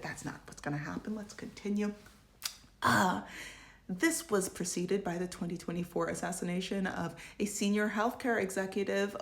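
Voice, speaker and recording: Sarcastic woman in an echoey room. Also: gravelly. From United States. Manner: sarcastic, joking asides, animated pitch swings. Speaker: journalist and commentator. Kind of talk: casual video essay commentary.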